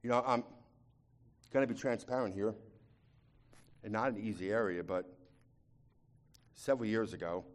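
A man preaching a sermon, shifting from quiet, confiding talk to loud, impassioned pleading, often repeating words as he restarts. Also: on the low side, fairly even intonation, normal speed, pauses often. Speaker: pastor.

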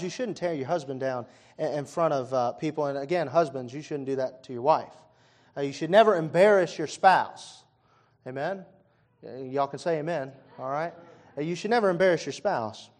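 A man preaching with a lilt, his voice sitting somewhat high for a man. He talks to the congregation in a loose, conversational way, full of little fillers, then pushes up into loud, emphatic bursts. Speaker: pastor. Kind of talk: sermon.

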